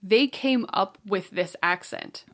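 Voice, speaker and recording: A woman's voice: mid-range voice, slow pace. A woman co-hosting a film podcast, explaining details from her prepared notes in casual chat. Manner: brings prepared notes, explains facts plainly. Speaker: podcast co-host.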